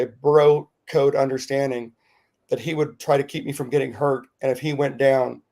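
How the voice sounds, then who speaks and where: Gravelly-voiced man telling a rambling story. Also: medium pitch. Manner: rambling, animated retelling with many fillers. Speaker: podcast co-host. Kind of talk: casual storytelling.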